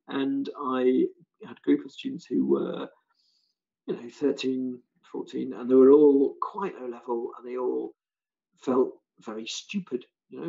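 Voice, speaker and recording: A British man, a language teacher trainer, giving an animated online seminar talk and acting out other people's lines. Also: mid-range voice, vocal fry, highs cut off. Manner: animated, acts out students' and callers' lines.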